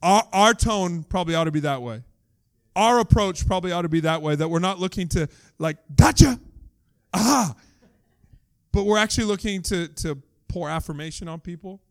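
High-voiced pastor, casual sermon. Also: male voice, brisk. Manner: casual, conversational storytelling, humorous asides.

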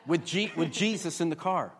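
Pastor, male, fairly high voice, casual preaching style, climbs to loud emphatic peaks. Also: expressive, moderate pace, slightly rough. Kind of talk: sermon. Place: church before a congregation.

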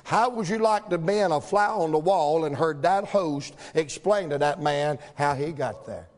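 High-voiced preacher in an echoing hall. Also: male voice, moderate pace. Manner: rhythmic preaching, rising to shouts, acting out voices. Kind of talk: sermon. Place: church. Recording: long hall reverb.

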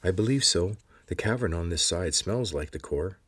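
A man voicing a polite, formal nonhuman cave creature who guides the hero, speaking stiffly and formally, in a husky voice. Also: sits low, expressive, normal speed, a bit bright, heavily acted. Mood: formal, earnest. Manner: formal, stiff, calls him sir. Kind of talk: audiobook character voice.

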